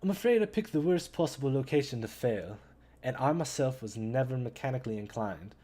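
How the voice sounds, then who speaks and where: A courteous old gentleman who speaks slowly and carefully, as a man reads him aloud. He sounds mannered and calm, at a middling pitch. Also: lightly acted. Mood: polite, measured. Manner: slow, measured, mannered delivery. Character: genteel elderly English gentleman, polite and calm.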